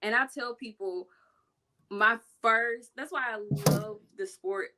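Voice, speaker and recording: A young woman, telling a lively story in casual chat and acting out voices in her quotes. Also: slow. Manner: animated, acts out quotes with big pitch jumps. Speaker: self-defense business owner, guest.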